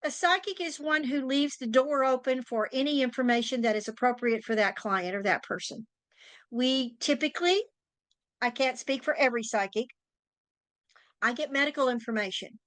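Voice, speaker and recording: Higher-voiced woman telling stories, dry sound. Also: moderate pace, no room sound. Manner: chatty storyteller, acts out quoted voices. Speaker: psychic and tarot teacher, podcast host. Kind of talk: casual interview chat.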